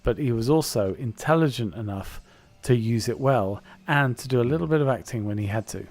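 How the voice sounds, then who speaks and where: A man's voice: mid-range voice, a little fast, darkish tone. A man co-hosting a film podcast, chatting casually and joking around. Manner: chatty, jokey, fond of mock impressions. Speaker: podcast co-host.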